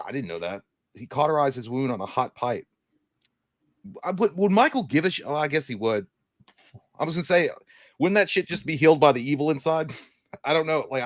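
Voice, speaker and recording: A man's voice: medium pitch, no room sound. A man co-hosting a live movie stream, joking while he reads chat messages.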